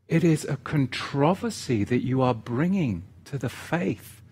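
A male Bible teacher speaks in a sermon style, pleading earnestly and coming back to key phrases. His delivery is slow and deliberate. His pitch rises and falls widely as he tells stories. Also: lively intonation, darkish tone, husky.

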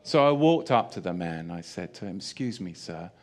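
Lively storytelling male preacher. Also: low-pitched, moderate pace. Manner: animated storytelling, laughs often. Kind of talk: sermon with humorous personal anecdote.

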